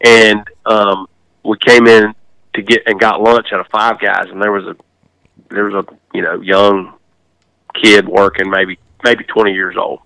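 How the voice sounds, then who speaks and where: A man's voice: on the low side, little pitch movement, a little slow, creaky, bright, forceful tone, clean tone, dry recording, poor audio. A man hosting a hunting podcast, chatting casually and telling stories with frequent laughs and restarts. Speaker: podcast host. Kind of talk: casual chat.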